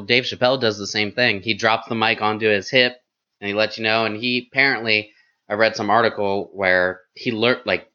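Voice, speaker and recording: A man who is a stand-up comedian, chatting casually in a flamboyant, animated way full of fillers. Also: lowish voice, lo-fi sound. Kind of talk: casual chat.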